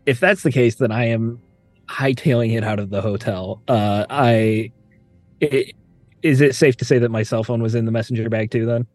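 A man's voice: mid-range voice, steady tone, moderate pace, darkish tone, dry recording, faint music behind. A man playing a tabletop game, hesitant and checking details before he acts. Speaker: player.

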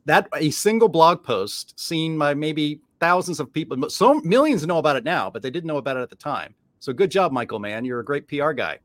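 A man hosting a talk show, chatty and amused, moving through his points at a measured pace. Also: a little high, expressive, fairly bright tone, no room sound. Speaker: show host. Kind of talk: casual discussion.

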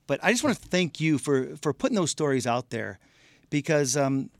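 A man who is a podcast guest tells personal stories in a heartfelt, animated way, often repeating words as he goes. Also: a little high, moderate pace, no echo, clean studio sound. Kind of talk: casual interview storytelling.

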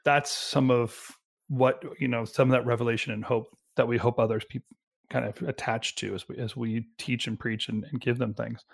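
A man's voice: medium pitch, level tone, moderate pace, vocal fry. A man co-hosting a business podcast, talking casually and stopping to restart his sentences often. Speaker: podcast co-host.

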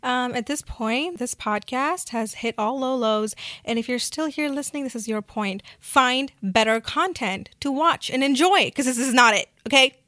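A tired young woman hosting a podcast from her bed, chatting in a loose, rambling way full of "like" and swearing. Her voice is bright and sharp. The recording is dry and close. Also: high-pitched, normal speed, dry recording. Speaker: podcast host. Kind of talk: casual chat.

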